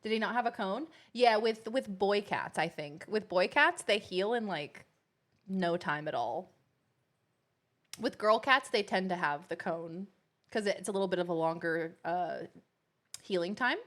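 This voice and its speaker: A woman's voice: medium pitch, unhurried, fairly bright tone. A woman, chatting casually with viewers while streaming a game. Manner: chatty, rambling, playful with pets. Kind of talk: casual live-stream chat.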